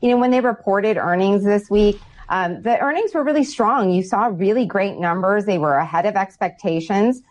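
A woman investment strategist answering interview questions in a steady, explanatory way with some fillers. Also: mid-range voice, moderate pace, hardly any pauses.

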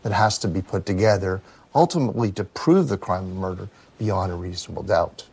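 A man explaining how murder cases are built, speaking in a deliberate, measured way. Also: deep voice, darkish tone, breathy edge. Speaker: legal commentator. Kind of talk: explanatory interview.

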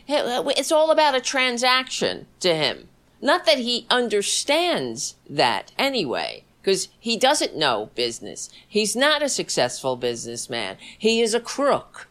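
Scornful woman ranting, slow and animated. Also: medium pitch. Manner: scornful, insulting, sarcastic. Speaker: livestream host. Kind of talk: angry political commentary.

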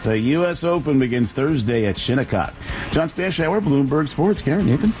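A man reading sports headlines on business radio in a brisk, clipped delivery. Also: mid-range voice, lively intonation, darkish tone, soft background music, low-quality recording. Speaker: sports reporter. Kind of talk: radio sports news read.

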